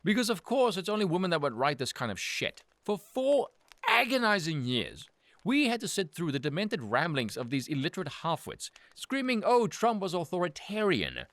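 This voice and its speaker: Male host ranting over political news, angry and mocking, bright tense voice, sharp pitch swings, dry close-mic sound. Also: very animated, normal speed, no room sound. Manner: angry, sarcastic, profane, mocking. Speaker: political commentary channel host.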